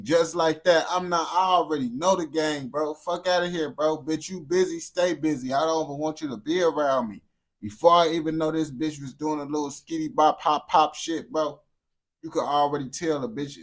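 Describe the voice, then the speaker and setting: A man streaming and reacting to clips in casual, profane, slangy commentary. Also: on the high side. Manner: blunt, profane, slangy banter.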